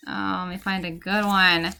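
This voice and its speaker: A woman's voice: medium pitch, level tone, normal speed, creaky, sharp tone, slight background noise. Patient young woman teaching phonics. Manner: patient, encouraging, explains step by step. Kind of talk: one-on-one phonics lesson. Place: indoor room, recorded on a computer.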